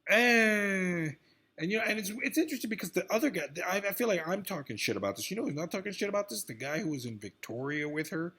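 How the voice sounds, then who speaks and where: A man's voice: high voice, animated, fast, pushed and bright, husky. A man in a rambling, profane vlog rant about celebrity news, swinging between grumbling and outbursts. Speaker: vlogger.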